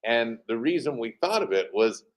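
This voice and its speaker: A man, a team president, telling animated anecdotes as an interview guest, pausing often with fillers over a remote call. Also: medium pitch. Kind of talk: interview storytelling.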